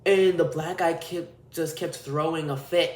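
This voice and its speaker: A man's voice: fairly high pitch, steady tone, a little slow. A man hosting a podcast, delivering a crude, profane, ranting solo monologue. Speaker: podcast host. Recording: roomy echo.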